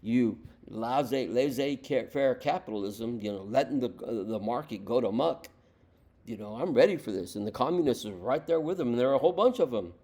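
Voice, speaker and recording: A man's voice: mid-range voice, normal speed, mellow. A man from the United States giving an impassioned political monologue, emphatic and repetitive, firing off rhetorical questions. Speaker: political commentator.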